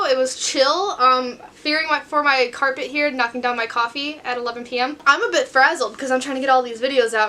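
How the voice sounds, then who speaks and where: Filming at night from her bedroom floor, this young woman rambles casually about books to the camera. Her voice is high-pitched with a sharp edge, and she keeps things chatty and pokes fun at herself.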